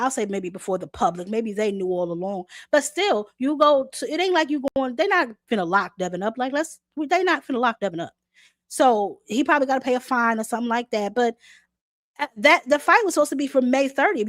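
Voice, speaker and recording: A woman's voice: high voice, no echo, clean studio sound. Sassy woman host with a sore throat. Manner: blunt, sassy, talks back to chat. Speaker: boxing show host. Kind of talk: live-stream commentary.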